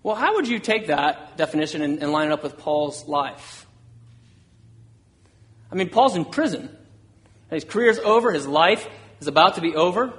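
A man's voice: a little high, animated, moderate pace, long pauses, fairly bright tone. A man preaching a sermon, earnest, voicing an apostle's words with rising intensity. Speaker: pastor.

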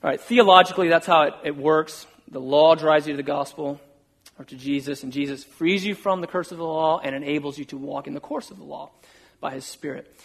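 A man's voice: fairly high pitch, fairly even intonation, fairly quick, creaky. A middle-aged male pastor giving a casual, self-deprecating sermon and acting out quoted conversations.

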